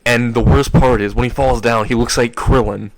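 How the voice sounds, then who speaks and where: Excitable man narrating a comedy fan story. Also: mid-range voice, normal speed, dry recording. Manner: rambling, excitable, self-correcting.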